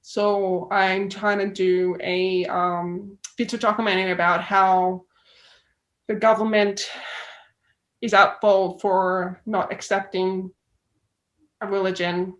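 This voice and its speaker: A woman's voice: medium pitch, flat delivery, slow pace, rough recording. A woman with an Australian accent, a filmmaker guest chatting casually and acting out the reactions she quotes. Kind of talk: casual interview chat.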